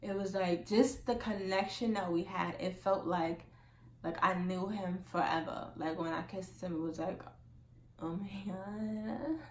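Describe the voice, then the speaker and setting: A young woman telling a casual storytime monologue as a vlogger, chatty and full of "like", acting out quotes loudly. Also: on the low side, steady tone, moderate pace, reverberant, a little hiss or hum.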